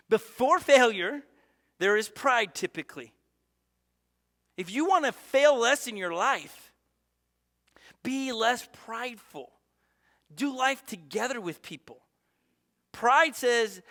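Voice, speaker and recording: Brief: high, bright-voiced man preaching a casual, lively sermon in a reverberant church hall. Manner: conversational, energetic, with asides and quick restarts. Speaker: pastor.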